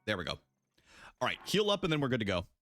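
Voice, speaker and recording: A man's voice: medium pitch, fast, faint music behind. A young adult man streaming a video game live, chatting casually with his viewers, joking and swearing as he plays. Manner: animated, jokey, swears, talks to chat.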